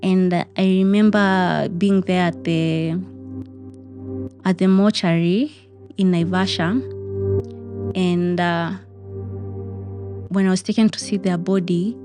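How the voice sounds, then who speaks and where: A woman's voice: on the low side, fairly even intonation, slow pace, long pauses, dark tone, soft background music. A young Kenyan woman telling a personal story of grief, emotional and repeating phrases. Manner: emotional, repeats phrases, mixes in Swahili words.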